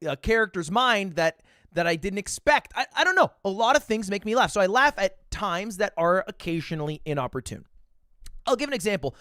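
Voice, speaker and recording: A man in his twenties, a streamer telling a story in casual chat, animated and swearing, with sudden bursts of loud laughter. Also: high voice, no echo, clean studio sound. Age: 20s.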